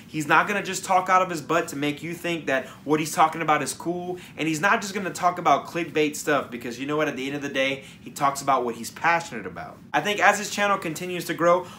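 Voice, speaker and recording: Bright, upbeat fragrance vlogger man. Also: a little high, a little hiss or hum. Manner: enthusiastic, rambling, off-the-cuff. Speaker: fragrance reviewer and channel host. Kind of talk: casual vlog talk to camera.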